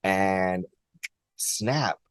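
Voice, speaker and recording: A man vlogger earnestly recounting a personal experience, halting and repeating himself with many likes and restarts. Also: sits low, clear, resonant tone, dry recording. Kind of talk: personal storytelling to camera.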